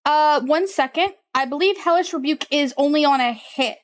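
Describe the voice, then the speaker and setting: A woman's voice: sits high, moderate pace. A young woman running a tabletop game, thinking aloud while she checks the rules. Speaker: game master.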